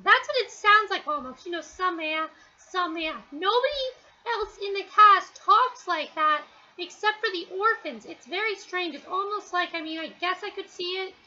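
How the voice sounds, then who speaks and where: Very high, bright-voiced woman from New Jersey. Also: lively intonation, moderate pace, dull audio. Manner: rambling, hesitant, full of fillers. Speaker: reviewer. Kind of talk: casual review talk.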